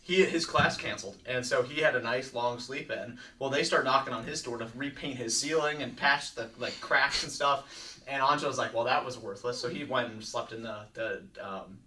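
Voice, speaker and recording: A young man co-hosting a casual studio chat, telling a story in a lively way. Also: mid-range voice, moderate pace. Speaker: co-host. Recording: slightly distant mic, faint noise.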